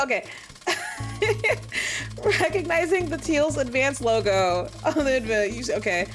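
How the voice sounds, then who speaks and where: A young woman streaming a game, reading its text aloud and bursting into loud, cursing, indignant rants. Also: sits high, a little slow, faint music behind. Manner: swears a lot, laughs mid-sentence. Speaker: VTuber streamer. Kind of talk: casual gameplay commentary.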